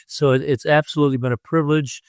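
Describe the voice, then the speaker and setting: Older guy co-hosting, gushing praise, lots of pauses, smooth clear voice, dry sound. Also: a little high, steady tone, no echo. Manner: effusive, halting with many pauses. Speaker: podcast co-host. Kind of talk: casual interview chat.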